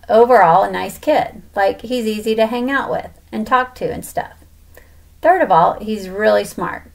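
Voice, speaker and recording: A woman's voice: medium pitch, vocal fry. A woman reading a children's novel aloud in a casual first-person storytelling tone. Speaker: audiobook reader.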